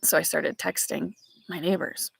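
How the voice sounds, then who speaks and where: Casual woman live-chatting outdoors, low raspy voice, laughs a lot. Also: fairly even intonation, normal speed. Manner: chatty, storytelling, laughs often. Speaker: vlogger. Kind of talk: casual chat with live viewers. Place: back porch outdoors.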